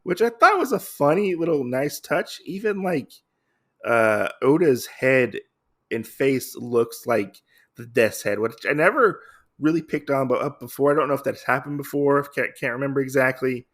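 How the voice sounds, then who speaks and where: Gravelly podcast guy rambling through a comic recap, lots of you-knows. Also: mid-range voice, expressive, normal speed. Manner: rambling, filler-heavy retelling. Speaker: podcast host.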